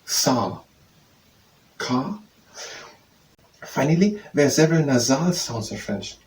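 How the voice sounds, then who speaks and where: A man working through a French phrase book aloud, halting and thinking out loud as he slowly repeats each phrase several times. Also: a little high, animated. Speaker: language learner teaching himself. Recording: distant mic with faint room noise.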